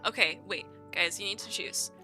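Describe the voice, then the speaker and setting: Giggly young woman streamer, bright voice. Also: medium pitch, moderate pace, soft background music. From Eastern Canada. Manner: giggly, rambling storytelling with frequent laughs. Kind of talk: casual chat while gaming.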